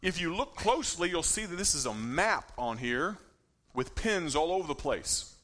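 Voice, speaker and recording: A man's voice: on the high side, sing-song, normal speed, a bit bright. A man in his thirties giving an informal talk at a ministry gathering, chatty and joking, often checking in with his listeners. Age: 30s. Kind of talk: informal talk to a live audience.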